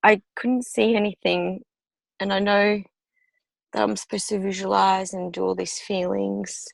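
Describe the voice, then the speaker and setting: A woman student speaking from her car on a video call, sharing her experience in an emotional, halting way and swearing often. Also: mid-range voice, flat delivery, vocal fry, no echo. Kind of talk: casual sharing in class.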